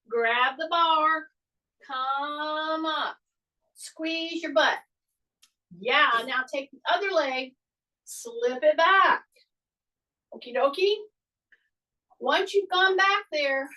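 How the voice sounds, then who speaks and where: A woman's voice: sits high, slow, pauses often, pushed and bright, far from the mic, poor audio. A middle-aged woman leading a fitness class from her home exercise room, chatty and coaching with repeated cues. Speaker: fitness instructor. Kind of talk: live exercise class instruction. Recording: voice from away from the mic.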